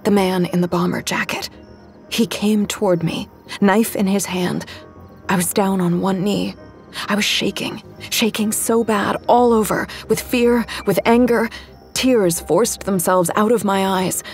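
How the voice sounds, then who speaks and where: A woman's voice: medium pitch, fairly even intonation, measured pace, faint music behind. Woman narrating a tense first-person story.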